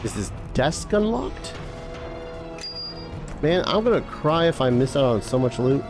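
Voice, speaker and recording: A man casually commenting on a game he is playing, excitable and quick to swear at setbacks. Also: mid-range voice, music in the background. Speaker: streamer playing a video game.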